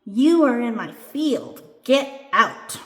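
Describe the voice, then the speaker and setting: A woman's voice: on the high side, sing-song, normal speed, pitched above the performer's own voice. A woman voicing a young boy doll who is grumpy at first, in a storybook reading. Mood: angry. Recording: echoey room with long reverb.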